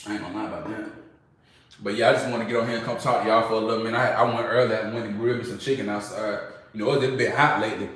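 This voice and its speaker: A young man with a drawl talks casually to his viewers. His storytelling is loose, slangy and animated. He sits well back from the mic, and a very echoey room rings around his voice. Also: lowish voice, rapid-fire, far from the mic. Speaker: vlogger.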